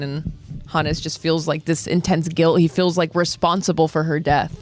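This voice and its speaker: A man's voice: a little high, flat delivery, normal speed. A man co-hosting a podcast, talking in a rambling way full of "like"s and restarts. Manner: rambling, hedging with many "like"s. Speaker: podcast co-host. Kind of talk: casual anime discussion.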